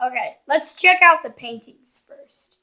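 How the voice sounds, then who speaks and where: A woman's voice: high voice, unhurried, bright, forceful tone. A woman commenting casually while playing a video game, playful and cheeky, teasing the characters on screen. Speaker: gaming channel host. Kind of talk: casual let's-play commentary.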